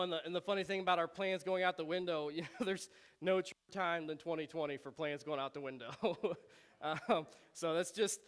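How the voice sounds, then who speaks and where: High-voiced man preaching a casual sermon. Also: clear, resonant tone. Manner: relaxed and chatty, laughs often, frequent ums. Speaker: pastor. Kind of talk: conversational sermon.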